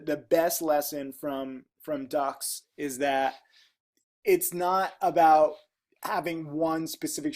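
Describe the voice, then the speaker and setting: Reading his viewers' comments aloud, a man in his thirties reacts with candid, rambling remarks packed with fillers. His vlog voice is casual and a little high.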